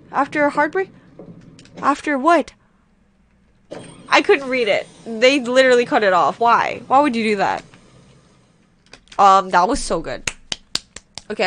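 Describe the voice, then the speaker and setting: Gushing, excitable woman reacting. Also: on the high side, slight background noise. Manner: gushing, excitable, swears often, says "like" and "oh my god" a lot. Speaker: reaction video creator. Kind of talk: casual reaction commentary. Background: faint music video playing.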